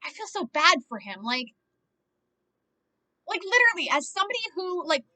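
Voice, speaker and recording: Bright high-voiced rambling young woman. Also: big pitch swings, moderate pace. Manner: rambling, heavy use of "like", frequent swearing. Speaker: movie reaction vlogger. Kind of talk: casual movie reaction commentary.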